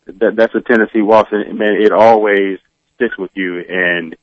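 A man co-hosting a sports radio show from a distance, reflective and halting. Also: lowish voice, fairly even intonation, dry recording, dull audio. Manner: halting, reflective, many restarts. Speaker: co-host. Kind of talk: remote radio commentary.

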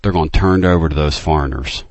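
A man hosting a late-night sports call-in show, ranting with fire and dropping to low, intense urging. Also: fast, dry recording. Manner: fired-up ranting, swinging between loud outbursts and low intense urging. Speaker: sports talk show host.

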